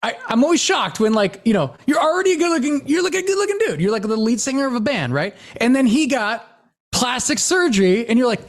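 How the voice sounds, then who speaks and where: Animated middle-aged man, lively laughing host. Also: high voice, fast. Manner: animated storyteller, laughs often, many fillers. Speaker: podcast host. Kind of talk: casual chat.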